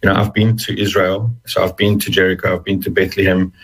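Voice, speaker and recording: A middle-aged man with a very low, husky voice speaks in an interview. He talks earnestly and haltingly, often restarting his words, and sounds emotional and close to tears. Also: flat delivery, fairly bright tone, low-quality recording. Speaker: interview guest. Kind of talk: personal testimony in an interview.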